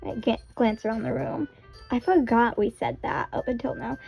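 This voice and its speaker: High-voiced chatty young woman. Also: moderate pace, vocal fry, slightly rough, lo-fi sound, faint music behind. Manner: chatty, self-conscious, giggly asides. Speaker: gamer reading a visual novel aloud. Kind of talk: casual let's-play narration with character voices.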